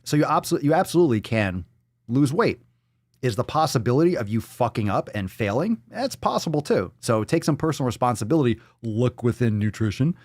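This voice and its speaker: A man's voice: mid-range voice, dry recording. Sarcastic sweary podcast guy ranting, voice all over the place, dry sound. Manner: profane, sarcastic, exasperated. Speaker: podcast host.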